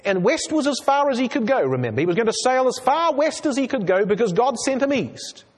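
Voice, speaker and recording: Husky-voiced preacher in a reverberant hall. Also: male voice, very high-pitched, sing-song, fairly quick. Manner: earnest, rhetorical questions to the congregation. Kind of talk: expository sermon.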